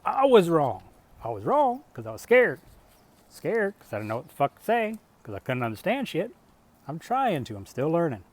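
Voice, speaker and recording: A man's voice: fairly high pitch, huge pitch swings, moderate pace. A middle-aged man vlogging, telling stories in a blunt, profane, rambling way and asking rhetorical questions. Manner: conversational, asks rhetorical questions. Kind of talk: casual storytelling monologue.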